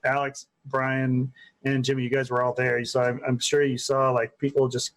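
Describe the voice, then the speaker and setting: A man on a gaming podcast panel, friendly and halting, often repeating words as he talks. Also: mid-range voice, monotone, low-quality recording. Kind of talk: casual podcast chat.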